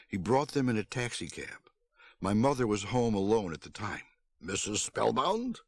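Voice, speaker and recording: A man narrating a storybook aloud on his stream, with an expressive read-aloud delivery. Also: on the low side, moderate pace, no room sound. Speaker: streamer reading a book aloud.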